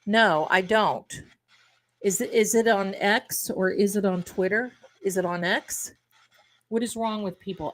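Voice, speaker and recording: A woman's voice: mid-range voice, animated, measured pace, fairly bright tone. A middle-aged woman hosting a live tarot stream, chatting casually and rambling to her viewers, calling them her darlings.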